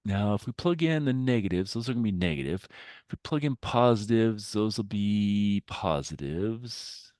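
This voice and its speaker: A man teaching a math lesson, working through a problem aloud with frequent fillers and pauses. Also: fairly low pitch, expressive, darkish tone, dry recording, clean studio sound. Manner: thinking aloud with many fillers. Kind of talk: recorded math lecture.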